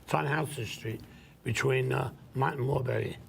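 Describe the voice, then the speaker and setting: A man's voice: mid-range voice, moderate pace, gravelly, a little hiss or hum. A man hosting a casual chat, telling streetwise stories plainly. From New York. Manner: streetwise storyteller, plain and direct. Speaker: host.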